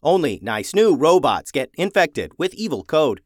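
A man voicing a timid old male farm repair robot with a halting, stuttering robot voice and slow, stiff, repetitive phrasing. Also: a little high, very animated, no room sound, clean studio sound, pitched above the performer's own voice. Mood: plain.

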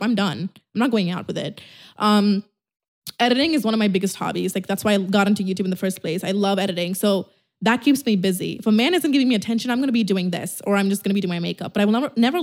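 A woman's voice: medium pitch, a little mellow. A young woman whose first language is not English, hosting a casual solo podcast, blunt and swearing, acting out little dialogues. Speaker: podcast host.

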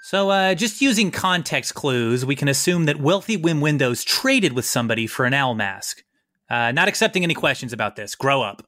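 A man's voice: medium pitch, animated, sharp tone. Playful man running a tabletop game. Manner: playful, quick asides. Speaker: game master.

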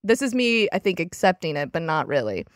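A woman chats on a podcast, laughing easily and reading from an old diary with playful drama. Her pitch bounces around a lot as she talks. The sound is dry and close. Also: sing-song, brisk, dry recording. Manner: giggly, reads diary aloud with playful drama. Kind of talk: casual chat.

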